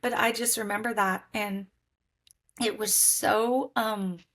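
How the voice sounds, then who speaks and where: A woman's voice: medium pitch, slow pace. A woman sharing her life story as a podcast guest, speaking candidly and acting out what people said to her. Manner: animated storytelling, acting out quoted voices. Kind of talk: candid personal testimony.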